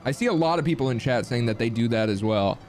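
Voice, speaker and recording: Talking fast in a mid-range voice over faint background music, a young man from the US Midwest banters casually with his stream chat. He curses freely and drops in lively asides.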